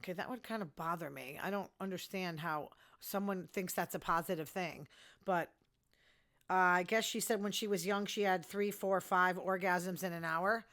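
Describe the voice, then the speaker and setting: A woman's voice: on the low side, fairly bright tone. Older woman, show host, casual news commentary, blunt, easily outraged. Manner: chatty, blunt, quick to outrage.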